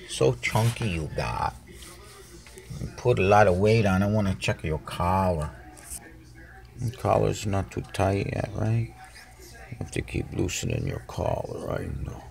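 A man's voice: deep voice, big pitch swings, unhurried, gravelly. A man at home filming on his phone, talking fondly to his cats in a casual way. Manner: talks to his cats in a fond, cooing way. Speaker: cat owner filming his pets. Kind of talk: casual home video chat. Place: at home indoors. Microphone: phone camera.

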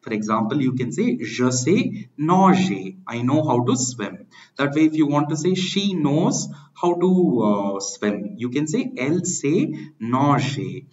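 A man's voice: mid-range voice, very animated, measured pace, a little mellow, lo-fi sound. A man teaching French grammar in English, explaining patiently and spelling out words letter by letter. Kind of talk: grammar lesson.

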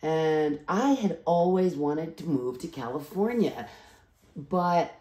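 A woman's voice: low-pitched, expressive, takes it slowly, warm tone. A tired woman from the East Coast, rambling through a personal vlog with many restarts and asides. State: tired after travel. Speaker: vlogger. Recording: echoey room.

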